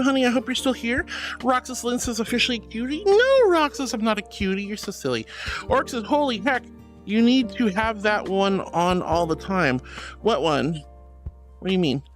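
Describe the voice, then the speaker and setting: A woman streaming live on a headset mic, chatting casually and reading chat aloud in a playful, animated, teasingly indignant way. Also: fairly high pitch, normal speed, soft background music.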